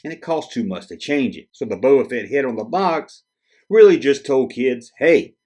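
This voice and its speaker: A man of middle pitch talks casually to camera about old toys. His intonation rises and falls a great deal. He sounds like a relaxed hobby host who likes quizzing his viewers. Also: normal speed. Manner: conversational, asks viewers questions. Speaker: toy collector video host. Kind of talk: casual explanatory chat to camera.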